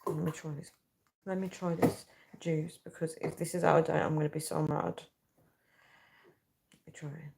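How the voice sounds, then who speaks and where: A woman's voice: low-pitched, flat delivery, moderate pace, vocal fry, pauses often, heavy background noise. A young woman chatting casually on a live stream, rambling and reading viewer comments aloud. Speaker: livestreamer.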